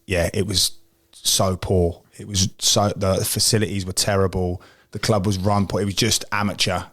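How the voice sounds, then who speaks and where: Low-voiced middle-aged man. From Essex, England. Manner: rambling storyteller, restarts, acts out quoted voices. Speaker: podcast co-host, ex-footballer. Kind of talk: casual chat.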